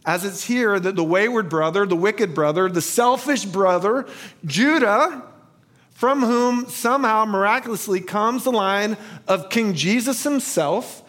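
A male pastor delivering a sermon with a fairly high voice. He tells stories at a slow, deliberate pace and leans on rhetorical questions. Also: a bit bright.

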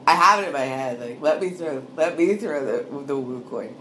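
Low-voiced woman rambling casually. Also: lively intonation, moderate pace, a bit bright, slight background noise. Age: 30s. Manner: loose, meandering, laughs often, trails off. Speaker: monologue speaker.

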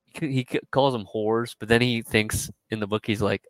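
A man co-hosting a casual podcast, retelling a story in a rambling way, full of fillers and quick quoted asides. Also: on the low side, fairly even intonation, no room sound, rough recording. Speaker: podcast co-host.

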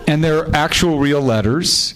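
A man's voice: on the high side, a little slow, a bit bright. A man, an author on a panel, telling stories and reading letters aloud in a wry, amused way, often laughing and rambling with restarts.

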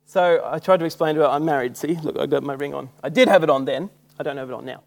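A man's voice: a little high, fast talker, vocal fry. A young Australian man preaching a sermon in a casual, self-mocking storytelling way. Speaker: church speaker. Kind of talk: sermon with personal stories.

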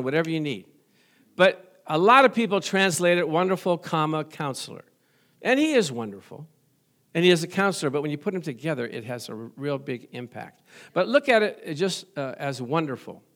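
A middle-aged man preaching with a fairly high voice. He keeps the sermon folksy and light, cracking jokes and calling out for amens from the pews. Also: fairly bright tone. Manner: folksy, joking, asks the congregation for amens. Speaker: pastor.

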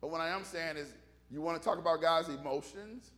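A man preaching a casual, humorous sermon, animated and conversational, joking with the congregation. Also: on the high side, fairly quick.

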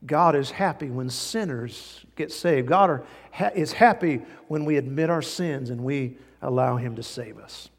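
A man preaching a sermon in an emphatic style that rises to animated outbursts. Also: medium pitch, unhurried, few pauses, slightly rough. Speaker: pastor. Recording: long church hall reverb.

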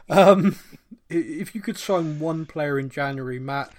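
A man's voice: a little high, slow. A man with a Bristolian accent hosting a casual podcast chat, reading out listener questions and laughing often at himself. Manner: reads listener questions aloud, laughs often, self-deprecating. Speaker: podcast host.

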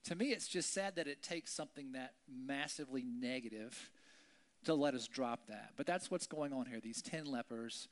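A man giving a relaxed Bible lesson, chatting with listeners through rhetorical questions and now and then shouting out quotes with drama. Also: mid-range voice, normal speed. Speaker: preacher. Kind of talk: Bible teaching, conversational sermon.

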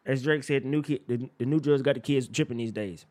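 A young man co-hosting a casual chat, animated and profane with loud outbursts, sounding tired. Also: mid-range voice, fast. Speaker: podcast co-host.

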